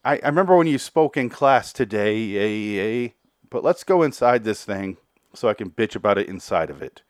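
A man's voice: on the low side, animated, moderate pace, no room sound, clean studio sound, close to an everyday voice. A man voicing a grumpy, cheapskate middle-aged uncle who sneers and complains. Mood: grudging.

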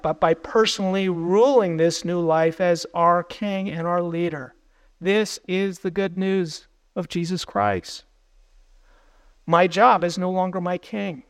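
A man's voice: high voice, clean tone. A man preaching a sermon as pastor, earnest and building emphasis through repeated phrases.

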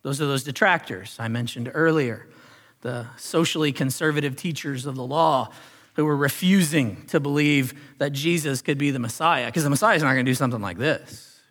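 A male pastor preaching a sermon, earnest, rising on key phrases and dropping softly for emphasis. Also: mid-range voice, moderate pace. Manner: earnest preaching, swells then drops to soft emphasis.

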